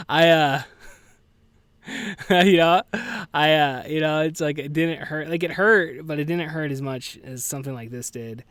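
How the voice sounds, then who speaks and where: This solo podcast host sounds on the high side, a bit bright, clear and resonant, with no echo. Speaking from his home near farm animals, he rambles in a subdued, grieving way, swearing often and filling his sentences with "dude" and "like".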